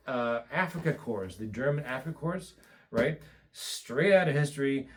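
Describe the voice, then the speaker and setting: A man hosting an unboxing video, chatty and animated, with many asides and fillers. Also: medium pitch, slight background noise. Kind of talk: excited casual unboxing.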